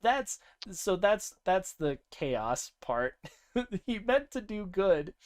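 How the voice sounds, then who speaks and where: A young man co-hosting a podcast, casually recounting a tabletop game session with lively laughter. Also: slow. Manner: animated, laughing often, breaks into high-pitched character voices. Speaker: podcast co-host.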